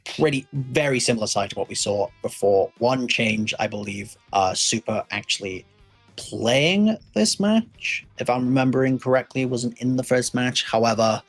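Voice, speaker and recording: A male esports caster with a slightly husky voice, calling a racing match in a measured, hedging way. A faint music bed plays behind him, and his pitch sits in a middle range. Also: fairly even intonation, rough recording. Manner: measured, hedging delivery with frequent fillers. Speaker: esports commentator. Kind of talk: play-by-play esports commentary.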